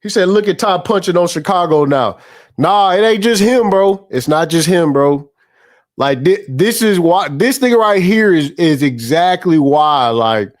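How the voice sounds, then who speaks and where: A man's voice: high-pitched, animated, unhurried. A young man hosting a casual panel, reacting to a clip with incredulous, mocking, profane commentary. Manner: incredulous, mocking, rants in repeated phrases. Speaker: host reacting to a protest clip.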